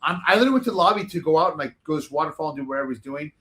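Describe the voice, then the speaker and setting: Male podcast guest, quick animated storyteller, slightly high voice. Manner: animated, rambling, swears freely. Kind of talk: casual storytelling.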